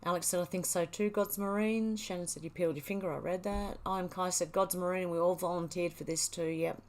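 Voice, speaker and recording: A woman's voice: on the low side, steady tone, brisk, darkish tone. A middle-aged woman hosting a livestream, reading viewer comments aloud and chatting back casually. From Australia. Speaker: livestream host reading chat. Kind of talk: casual chat.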